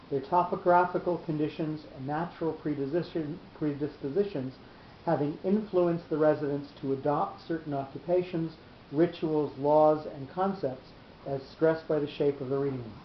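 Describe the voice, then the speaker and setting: A man teaching a Bible class on cantillation marks, explaining each reading mark in a halting way and often repeating his words. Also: steady tone. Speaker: Torah teacher. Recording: roomy, dull lo-fi recording with faint rumble.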